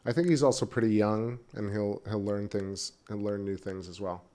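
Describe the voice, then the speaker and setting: A man's voice: lowish voice, steady tone, normal speed, warm tone. A man hosting a casual livestream, rambling and chatty, talking while eating. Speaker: livestream host. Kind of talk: casual live-stream chat. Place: back porch at home, outdoors.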